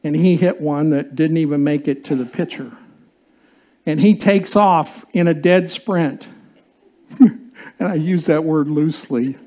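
This is a preacher delivering a sermon in a church, spinning a humorous story with lively, chuckling energy. The voice sits at an ordinary middle pitch. It turns low and quiet whenever the message gets serious. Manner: animated storyteller, chuckling through the tale.

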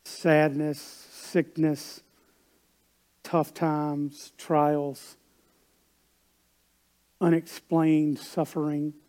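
Preacher telling a story. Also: male voice, fairly high pitch, little pitch movement, drawn-out words, pauses often, warm tone. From South Carolina. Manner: conversational, building to emphatic peaks. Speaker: pastor. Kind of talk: sermon with storytelling.

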